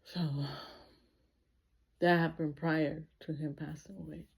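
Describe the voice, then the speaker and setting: A woman's voice: low-pitched, flat delivery, takes it slowly, creaky, slightly rough. A woman telling a personal story in a casual vlog, speaking emotionally and filling her sentences with repeated 'like'. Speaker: vlogger.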